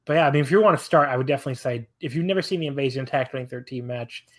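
A man co-hosting a wrestling podcast, talking in a rambling, casual way, his voice jumping high when he gets exasperated. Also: very fast.

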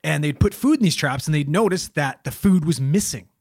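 A man's voice: fairly high pitch, expressive, a little fast, a little mellow, breathy edge, dry recording, clean studio sound. A man casually telling a story on a podcast, swearing a lot in a loose, joking way.

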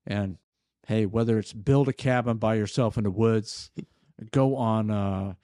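An older man co-hosting a podcast, telling stories about a book in a measured, easygoing way. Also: fairly low pitch, warm tone, no echo, clean studio sound. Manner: measured, storytelling. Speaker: podcast co-host. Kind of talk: casual book discussion.

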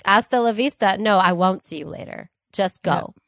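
Woman podcast co-host, mid pitch, emphatic storyteller, dry close sound. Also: moderate pace, gravelly, no echo. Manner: emphatic, animated, laughs readily. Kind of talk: casual chat, storytelling.

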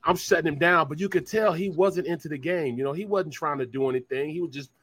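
A middle-aged man, a former football player, co-hosting a sports talk show and telling animated stories with acted-out voices. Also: fairly high pitch, quick pace. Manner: animated storyteller who acts out quoted voices. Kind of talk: casual sports talk, storytelling.

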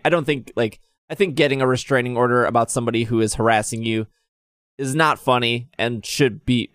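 A man's voice: mid-range voice, fairly bright tone, dry recording, studio quality. A man casually telling a story on a podcast, acting out the other people's lines in raised voices. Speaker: podcast co-host.

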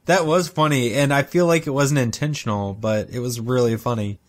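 A man's voice: mid-range voice, fairly even intonation, moderate pace. A man co-hosting a podcast in casual chat, retelling cartoon scenes with jokes. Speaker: podcast co-host.

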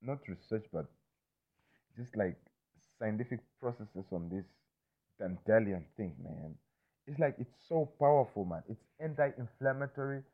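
A man with a lowish voice talks in a loose, rambling way, swearing often and circling back with "you understand me?" The sound is thin and narrow, like it came over a phone line. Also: animated, measured pace. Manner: loose, repetitive, swears freely, keeps asking "you understand me?". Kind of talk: casual rambling monologue.

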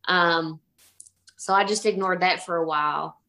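Gravelly-voiced woman telling a ghost story. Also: lowish voice, measured pace. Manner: animated, acts out quoted voices. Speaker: guest telling a haunting story. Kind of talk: casual storytelling.

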